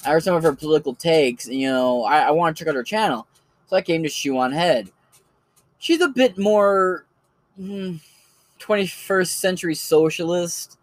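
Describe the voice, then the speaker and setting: A man's voice: a little high, moderate pace, dry recording. A man talking casually and profanely as he rambles through recommendations of online creators. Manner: rambling, profane, laid-back. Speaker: channel host recommending creators. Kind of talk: casual solo commentary.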